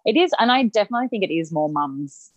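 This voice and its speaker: A woman's voice: medium pitch, expressive, quick pace, no room sound. A young woman, a guest sharing her parenting stories in easy chat and laughing often. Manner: warm agreeable chatter, frequent laughs. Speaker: guest, new mother. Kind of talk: casual conversational interview.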